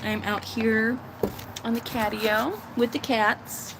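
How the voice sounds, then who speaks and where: A woman's voice: fairly high pitch, steady tone, slow pace. Chatty American woman streaming outdoors on a noisy phone. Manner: chatty, laughs often, baby-talks to her cats. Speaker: live streamer. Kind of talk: casual live-stream chat. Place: outdoor cat enclosure.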